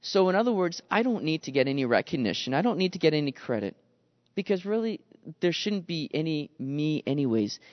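A man's voice: fairly high pitch, fairly quick, no echo, big-room sound, lo-fi sound. A man preaching a sermon in a conversational way, calling his listeners guys and acting out the complaining voices of the people he talks about. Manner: animated, acts out quoted grumbling voices. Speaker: pastor. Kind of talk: expository sermon.

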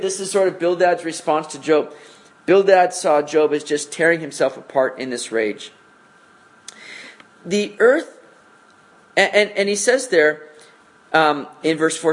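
A man leading a Bible study with a fairly high, light voice. He explains scripture in a relaxed, chatty way and reads passages aloud, checking in with rhetorical questions as he goes. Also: normal speed, pauses often. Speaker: Bible teacher. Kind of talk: conversational Bible study teaching.

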